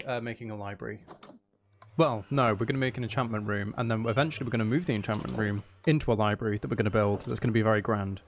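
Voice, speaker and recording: A man chatting casually while he streams a game. His voice sits at a middle pitch, and he rambles and jokes at his own expense. There is a faint hiss behind him. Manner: playful, self-mocking, jokey; chats to viewers in a loose, rambling way.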